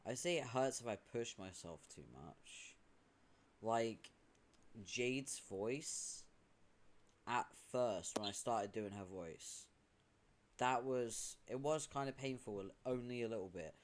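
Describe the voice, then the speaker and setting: A man's voice: mid-range voice, slow pace. A British man streaming, chatting casually with dry, sarcastic asides. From Britain.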